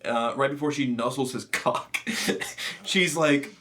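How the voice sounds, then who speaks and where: A man's voice: medium pitch, measured pace, fairly bright tone. A man co-hosting a comedy podcast in casual chat, rambling, swearing freely and laughing often. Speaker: podcast co-host.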